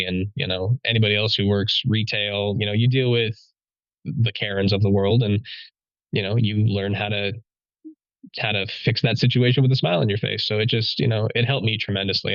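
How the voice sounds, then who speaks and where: Man, police officer, casual podcast talk, lowish voice, slightly muffled lo-fi sound. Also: fairly even intonation, fairly quick, a bit bright, no echo. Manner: chatty, leans on "you know" and "like".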